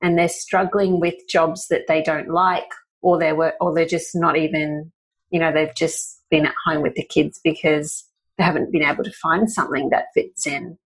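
A woman hosts a casual interview podcast, thinking aloud and asking questions. Her voice sits a little low, and she is encouraging and laughs easily. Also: little pitch movement, normal speed. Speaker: podcast host.

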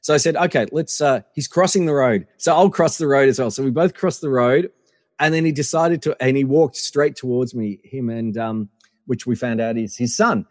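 A man's voice: medium pitch, normal speed, no room sound, clean studio sound, long reverb tail. A man telling a long casual story as a podcast guest, full of fillers and acted-out quotes.

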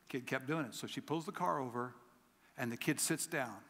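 A man preaching a sermon as a guest pastor, telling stories with lively acted voices and swinging from emphatic peaks to quiet lows. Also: brisk, slightly rough. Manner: animated storytelling, acts out voices in his stories; rising to emphatic peaks then dropping low. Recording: long hall reverb.

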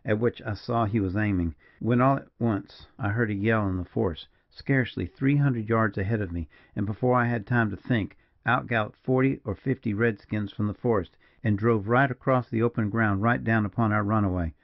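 A man voicing a grave frontier partisan major who speaks slowly and mournfully, in a dull, dry recording. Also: lowish voice, dry recording, lightly acted. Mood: grim. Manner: slow, mournful, measured.

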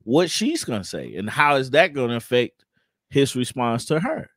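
Man, mid pitch, reflective, dry close-mic podcast voice. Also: very animated, normal speed, a bit bright, dry recording. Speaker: podcast co-host. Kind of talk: casual reality-TV discussion.

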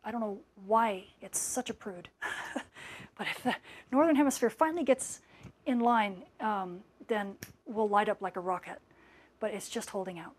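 A woman's voice: mid-range voice, a little mellow. A middle-aged woman hosting a live-stream Q&A, gushing with enthusiasm and thanks to viewers, her voice worn out after hours of talking. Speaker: space weather scientist hosting a live Q&A. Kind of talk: live-stream chat reading viewer comments.

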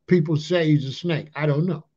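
A man on a talk channel rants casually in a warm-toned voice on the high side, a bit breathy and a little fast. He speaks in loose street slang and frequently caps lines with "allegedly" and "you know what I'm saying." It's recorded with dull, lo-fi sound.

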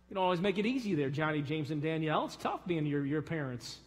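High-voiced preacher in a reverberant hall. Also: male voice, animated, fairly quick, few pauses. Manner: preaching with sudden loud rises and soft drops. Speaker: pastor. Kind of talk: sermon. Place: church sanctuary.

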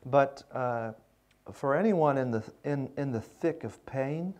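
A man teaching a seminary class on pastoral care, reflective and unhurried, with many pauses. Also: medium pitch, a little mellow. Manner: slow, reflective, with pauses and fillers. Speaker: seminary lecturer. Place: lecture room.

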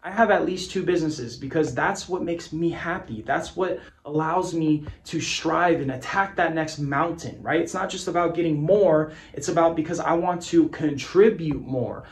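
A man's voice: on the high side, normal speed, few pauses. A man giving a punchy, emphatic motivational talk to camera as a business coach, repeating phrases and swearing casually. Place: indoor office with a whiteboard. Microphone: camera mic.

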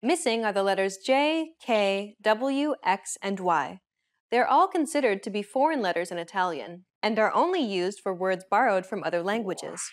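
A woman presents a beginner language lesson in a clear, steady scripted manner. Her voice sits at a middle pitch and she explains each point evenly. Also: normal speed.

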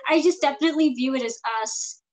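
A woman co-hosts a laid-back fan show, chatting in a loose, rambling way. Her voice sits a little high. She often restarts her sentences as she talks. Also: quick pace, a little mellow, low-quality recording. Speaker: podcast co-host. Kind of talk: casual chat.

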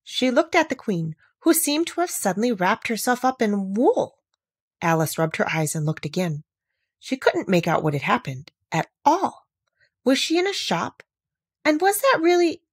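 A woman reading a classic children's storybook aloud with expressive, animated narration. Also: a little high, slightly rough, dry recording, studio quality. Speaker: audiobook narrator.

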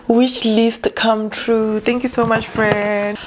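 A woman's voice: a little high, fairly even intonation, extremely slow, hardly any pauses, darkish tone, a little hiss or hum. A young South African woman chatting casually in an unboxing vlog, gushing and emotional with gratitude. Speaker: vlogger.

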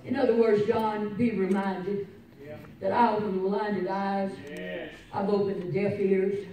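A woman pastor preaching a sermon, swinging from shouted fervor to quiet personal storytelling. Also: mid-range voice, fairly even intonation, unhurried. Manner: fervent preaching, rising to shouts, dropping to soft personal storytelling. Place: church sanctuary. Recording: echoey church from far off. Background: congregation responses.

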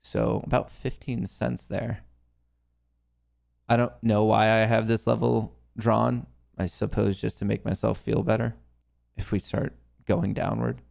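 Gravelly low-voiced man trading live. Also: level tone, measured pace, a little mellow. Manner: muttering to himself, swearing, pleading with the market. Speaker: livestream host, day trader. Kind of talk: casual live-stream commentary.

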